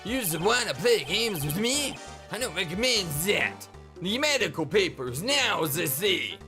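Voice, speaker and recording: A woman voicing a cold, menacing male mob thug in a video game, with a gruff tough-guy drawl. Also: medium pitch, big pitch swings, unhurried, over music, pitched above the performer's own voice.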